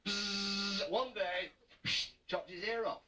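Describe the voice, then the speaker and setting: Chatty Yorkshire comedian, far off. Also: male voice, a little high, expressive, fast, over music. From Yorkshire, England. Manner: chatty joke-telling, chuckles at his own punchlines. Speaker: stand-up comedian. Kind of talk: live stand-up at a party. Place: hotel function room. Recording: distant mic, noisy room. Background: crowd laughter and room noise.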